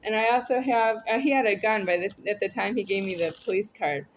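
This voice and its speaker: A woman's voice: medium pitch, fairly quick, noisy background. A woman talking in a rambling, disjointed monologue, repeating herself and stumbling through restarts.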